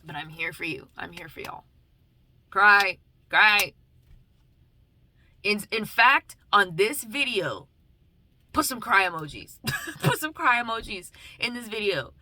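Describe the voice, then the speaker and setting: A young woman vlogging in a loose casual chat, shifting between gentle comfort and cussing rants. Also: mid-range voice, big pitch swings, moderate pace. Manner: loose and playful, drifting between tender comfort and profane rants. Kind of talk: casual heartfelt chat to camera.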